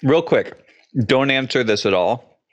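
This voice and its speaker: A man co-hosting a casual chat, mostly listening with brief acknowledgments and adding a few unhurried remarks. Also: mid-range voice, lively intonation, highs cut off. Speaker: podcast co-host.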